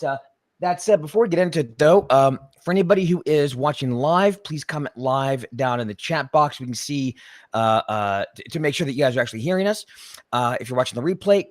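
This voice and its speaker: A man's voice: medium pitch, no room sound, clean studio sound. A man hosting a live-stream show, joking with his co-host and troubled by a recurring cough. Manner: chatty, restarts often, jokes and teases. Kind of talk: casual live-stream chat.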